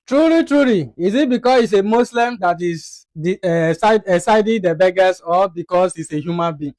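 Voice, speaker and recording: A chatty commentator talks over a clip in a relaxed, conversational way, mixing West African Pidgin into English. The voice sits at a middle pitch. The recording is dry and close, with no room sound. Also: moderate pace, no room sound. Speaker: video commentator. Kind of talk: reaction commentary.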